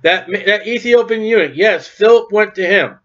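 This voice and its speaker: A man's voice: high-pitched, moderate pace, a bit bright, highs cut off. A man preaching an informal sermon in a conversational way, acting out bits of dialogue as he goes. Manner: conversational, acts out dialogue in quoted voices.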